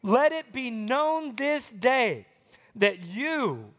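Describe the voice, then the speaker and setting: Male Bible teacher for kids, strikingly high voice, playful retellings and questions to the children. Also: very animated, extremely slow, a bit bright. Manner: asks the children questions and retells verses in playful everyday words. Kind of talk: children's Bible lesson, reading scripture aloud.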